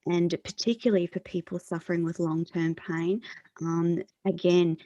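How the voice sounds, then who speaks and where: A woman hosting an interview show, speaking in an earnest, encouraging, measured way. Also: lowish voice, little pitch movement, mellow, no room sound. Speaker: host. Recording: dull, dry lo-fi sound.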